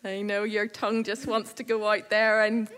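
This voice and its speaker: A woman's voice: mid-range voice, completely flat delivery, normal speed, very noisy. A young woman leading a children's church talk. She is playful and teasing and laughs often. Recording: echoey hall with long reverb.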